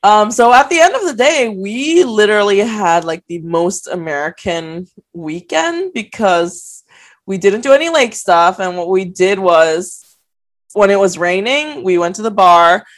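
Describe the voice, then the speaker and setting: A woman's voice: medium pitch, expressive, unhurried. A young woman co-hosting a casual podcast, telling a story with lots of giggles. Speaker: podcast co-host. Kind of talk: casual chat.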